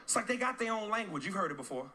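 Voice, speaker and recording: A male stand-up comedian performing on a club stage with a brash, profane and animated delivery. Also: high voice, rapid-fire. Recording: loud noisy live club recording.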